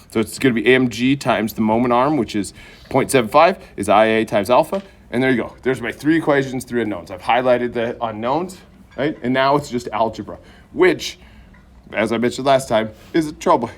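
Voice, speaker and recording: A middle-aged man teaching an engineering class in a conversational, joking way, often checking in with "right?". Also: mid-range voice. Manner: conversational, frequent "right?" check-ins and self-deprecating jokes. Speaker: engineering professor. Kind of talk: classroom lecture. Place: lecture hall.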